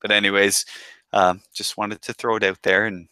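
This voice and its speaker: A man's voice: on the low side, little pitch movement, normal speed, pushed and bright, clean tone, dry recording. A man co-hosting a podcast, chatting casually about an episode and talking with plenty of restarts and military jargon. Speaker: podcast co-host. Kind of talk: casual chat.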